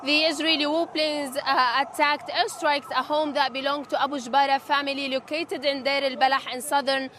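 A woman reporting live from outside a hospital, urgent and halting, with many fillers. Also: sits high, steady tone, fairly bright tone, slight background noise. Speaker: field reporter. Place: outdoors at a hospital.

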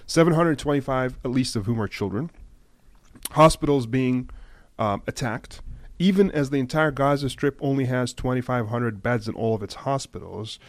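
Man, news commentator, impassioned and emphatic, mid-pitched voice, dry close sound. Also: dry recording. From United States. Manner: impassioned, emphatic, slowing to a hushed, grave tone.

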